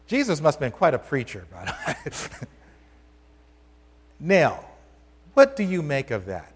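A man delivers a sermon in a church sanctuary, speaking in a conversational but emphatic way. He often turns questions to the congregation. His voice sits at a middle pitch for a man, and it carries a long hall reverb. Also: sing-song, normal speed, long pauses. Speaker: pastor.

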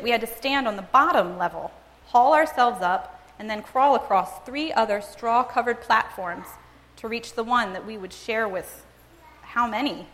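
A woman reading a first-person story aloud in a measured, dramatic storytelling manner. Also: medium pitch, fairly bright tone. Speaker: reader and speaker. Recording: long reverb, as in a large hall.

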